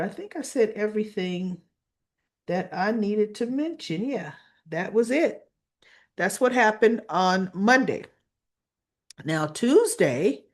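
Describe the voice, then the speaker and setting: A woman hosting a casual soap opera recap, retelling scenes and acting out the characters' lines in a chatty way. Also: medium pitch. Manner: chatty, addresses viewers as y'all.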